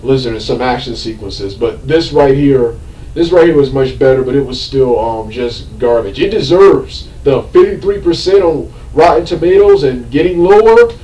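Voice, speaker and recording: A man's voice: mid-range voice, big pitch swings, moderate pace, mellow, recorded from a distance. A man reviewing a movie in an unscripted rant. He repeats himself, loses his train of thought, says "um" a lot, and breaks into exasperated outbursts. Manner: rambling and repetitive, loses his train of thought, many filler ums. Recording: echoey room, voice set back from the mic.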